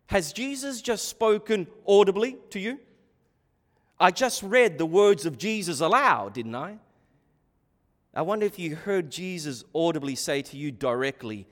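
A man's voice: fairly high pitch, unhurried. A man preaching a sermon in an emphatic way, repeating and restarting words as he presses his point. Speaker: pastor. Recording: long hall reverb.

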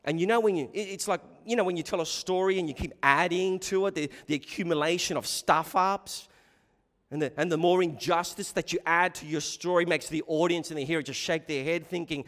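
A man preaching an expository sermon, swinging between loud emphatic bursts and quiet hushed asides. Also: sits high, lively intonation, normal speed. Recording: long hall reverb.

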